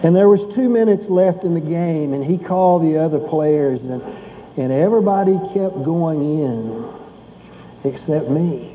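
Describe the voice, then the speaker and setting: A man's voice: on the high side, a little slow, dark tone, a little hiss or hum, poor audio. An older man preaching a sermon as pastor. He tells folksy stories and builds to fervent exhortation.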